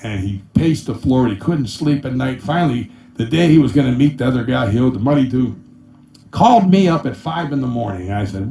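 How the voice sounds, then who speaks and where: A middle-aged man doing stand-up accountant jokes, acting out his clients in high voices and punching each punchline with 'ba-boom'. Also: animated, fairly quick, dark tone. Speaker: comedian and musician telling accountant jokes. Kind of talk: stand-up joke telling. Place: small room with a live audience. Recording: echoey room, mic at a distance.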